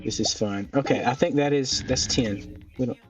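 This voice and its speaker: A man casually narrating his own gameplay, thinking aloud and filling pauses with ums as he goes. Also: medium pitch, far from the mic. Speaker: gaming channel host. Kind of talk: casual let's-play commentary. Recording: dull lo-fi mic a bit off, faint music. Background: faint background music.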